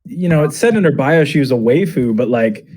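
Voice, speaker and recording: A man's voice: medium pitch, animated, a little fast, a little mellow. A young man telling a crude improvised comic story on a podcast, rambling and losing his place. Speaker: podcast guest.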